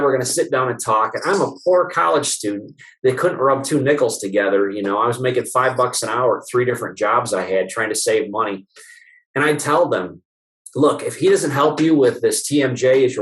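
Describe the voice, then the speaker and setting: A middle-aged chiropractor being interviewed, telling anecdotes casually, acting out the dialogue he quotes and joking with some mild swearing. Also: medium pitch. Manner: lively anecdotal storyteller, acts out the dialogue he quotes; swears casually and laughs at his own stories. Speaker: chiropractor guest. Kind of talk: casual storytelling in a podcast interview.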